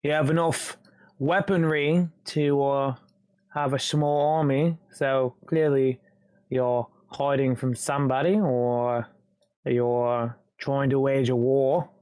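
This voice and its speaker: A man's voice: mid-range voice, fairly even intonation, slow, darkish tone, smooth, no echo, natural voice. A man voicing a dogged investigator in a British gangster manner with a Cockney accent. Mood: probing. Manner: blunt, probing questions.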